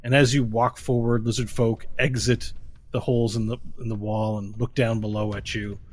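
A man's voice: fairly low pitch, little pitch movement, normal speed. A man narrating a tabletop game as game master, descriptive with some fillers.

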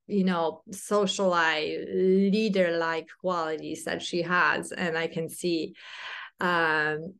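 Podcast mom, thirties, low-pitched, halting and heartfelt. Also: female voice. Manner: hesitant, many fillers and restarts; earnest and heartfelt. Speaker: podcast host, mother. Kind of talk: casual reflective monologue.

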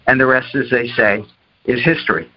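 With a mid-range voice at normal speed, an older man from New Jersey recounts a career story, animating each character's dialogue with lively voices. The lo-fi recording sounds dull but has no echo.

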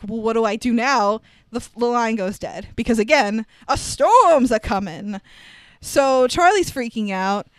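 A young woman casually recapping a film on a podcast, animated and full of "like" fillers. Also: a little high, clear, resonant tone, no room sound. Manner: chatty, animated storytelling with many "like" fillers and laughs. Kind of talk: casual chat.

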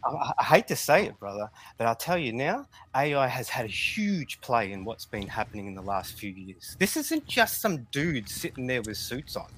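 A man's voice: medium pitch, very animated, normal speed, few pauses, a bit bright, rough recording. A man co-hosting a talk show, blunt and emphatic as he tells stories. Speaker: co-host. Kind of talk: casual talk-show banter.

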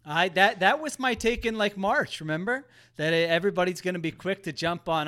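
Smooth-voiced joking male co-host. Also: high-pitched, a little fast, hardly any pauses, sharp tone. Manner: joking, sarcastic asides. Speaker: podcast co-host. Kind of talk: casual sports podcast chat.

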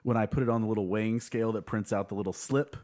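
A man's voice: on the low side, very fast, a little mellow. A man hosting a casual podcast, talking in a rambling way with many fillers. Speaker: podcast host. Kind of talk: casual chat.

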